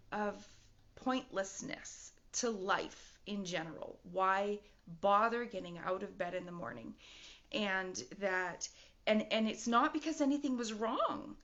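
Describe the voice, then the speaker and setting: A woman's voice: fairly high pitch, fairly bright tone. Woman, middle-aged, candid vlog talk, rambling, laughs a lot, dull lo-fi sound. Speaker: vlogger. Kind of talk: personal video talk. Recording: dull lo-fi audio.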